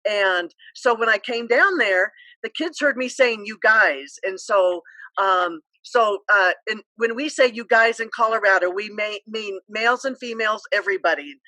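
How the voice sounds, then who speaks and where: Lively woman storyteller on a video call. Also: medium pitch, no room sound, low-quality recording. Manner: lively, laughs easily, rambling storyteller. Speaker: guest, former school counselor.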